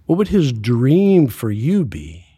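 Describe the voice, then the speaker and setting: Guest: man in his 60s, earnest testimony, mellow husky voice, dry sound. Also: medium pitch, huge pitch swings, takes it slowly, no room sound. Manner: earnest, acts out quoted dialogue. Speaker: podcast guest. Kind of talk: faith testimony in interview.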